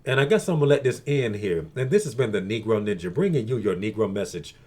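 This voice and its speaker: A man's voice: on the low side, expressive, fast talker, darkish tone, slightly rough. A man giving a casual, crude monologue to his viewers, swearing often and repeating "okay" between thoughts. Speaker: video blogger.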